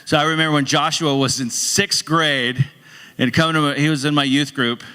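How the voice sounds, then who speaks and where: A man's voice: a little high, fairly even intonation, brisk, pushed and bright, clear, resonant tone. A middle-aged male pastor giving a casual, rambling sermon in a church, full of restarts and humorous asides. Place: church sanctuary. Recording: long hall reverb in a church.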